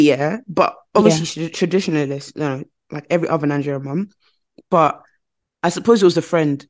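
A British woman chatting casually on a podcast, telling stories animatedly and acting out what others said. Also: deep voice. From Britain. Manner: animated storytelling with quoted voices. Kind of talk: casual chat.

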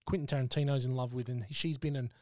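A man's voice: mid-range voice, fairly even intonation, fast, a little mellow, no echo, studio quality. A man co-hosting a casual film podcast, jokey and opinionated. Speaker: podcast co-host.

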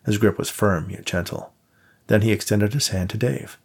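A man reading a novel aloud as audiobook narrator in a measured storytelling manner. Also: low voice, vocal fry, slightly rough. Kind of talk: scripted narration.

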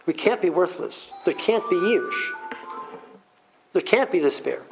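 A man teaching a Torah class in an animated way, full of rhetorical questions and restarts. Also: high-pitched, measured pace, gravelly, noisy background.

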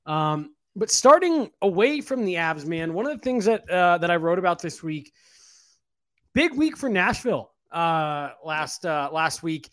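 Male podcast co-host, numb-mouthed, loose and rambling, a bit high-pitched. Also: very animated, a little slow, fairly bright tone. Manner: rambling, many fillers and restarts, casual swearing. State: mouth numb from dental work. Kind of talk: casual sports podcast chat.

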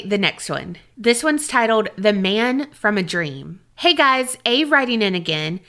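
Bright, excitable woman podcast host. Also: a little high. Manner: exclaims and reacts emphatically, swears casually. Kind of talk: casual chat, reading listener stories.

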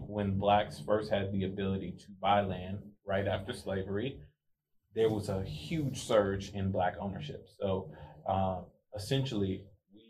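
A man co-hosting a podcast, chatting casually and explaining topics in a relaxed way. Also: fairly low pitch, poor audio. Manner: relaxed, explanatory, light laughter. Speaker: podcast co-host. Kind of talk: casual chat.

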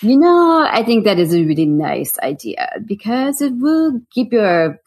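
Woman imitating a gentle French woman agent, French accent, lively high lilt, encouraging. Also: measured pace, heavily acted.

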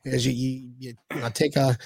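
A man's voice: mid-range voice, level tone, a little fast, gravelly, darkish tone, breathy edge, no room sound, studio quality. A man hosting a casual podcast, joking and upbeat. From United States. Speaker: podcast host.

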